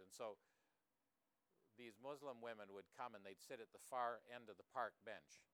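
Earnest male preacher, smooth voice. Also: medium pitch, fairly even intonation, moderate pace, a bit bright, dry recording. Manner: earnest, with rhetorical tag questions. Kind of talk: sermon.

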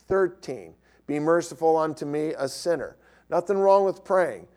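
A middle-aged man giving sermon-style Bible teaching to a class, conversational, repeating his key points. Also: on the high side. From California.

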